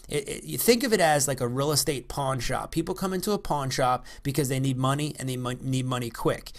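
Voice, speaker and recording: A man's voice: a little high, fairly bright tone. A man in the role of a real estate investor teaching negotiation in a loose, conversational way. He rambles, restarts his sentences, and leans on fillers like "um" and "you know.". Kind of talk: casual instructional talk.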